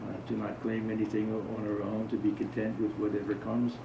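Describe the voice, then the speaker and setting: Gravelly and fairly low, his voice stays flat in pitch and runs fairly quickly over noisy surroundings. He tells stories and quizzes his listeners during an informal spiritual talk to a small group. The audio is dull, distant and roomy.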